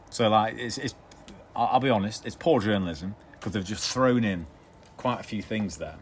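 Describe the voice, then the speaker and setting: English man, podcast co-host, lowish voice, deadpan, faint hiss behind. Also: moderate pace. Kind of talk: casual chat.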